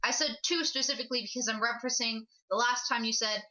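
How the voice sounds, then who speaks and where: A woman's voice: a little high, fairly even intonation, fast talker, pushed and bright, dull audio. A woman co-hosting a podcast in casual chat with friends, teasing and playful. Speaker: podcast co-host.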